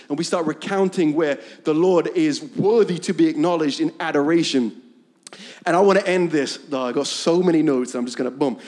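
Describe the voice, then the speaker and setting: A man preaching a sermon, reading psalms aloud in an earnest way and building to a loud, fervent chant. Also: on the high side.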